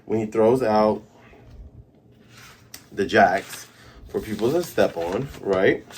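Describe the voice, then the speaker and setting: A man hosting a casual comic recap, animated, breaking into sound effects and character voices. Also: lowish voice, takes it slowly, slight background noise. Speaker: comic reviewer and host.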